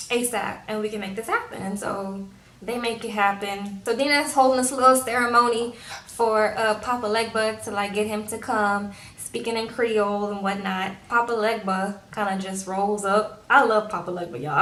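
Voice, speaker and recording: Recorded in an echoey space, a young woman from Louisiana vlogs a chatty, sassy TV episode recap and voices the characters' lines. Her voice is a little high with a fairly bright tone.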